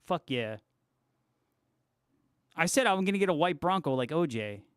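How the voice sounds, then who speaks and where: A man's voice: fairly high pitch, lively intonation, moderate pace, no room sound, clean studio sound. Laid-back, foul-mouthed male livestreamer. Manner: laid-back, swears freely, laughs often. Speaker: livestream host and guitarist. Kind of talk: casual chat reading viewer comments.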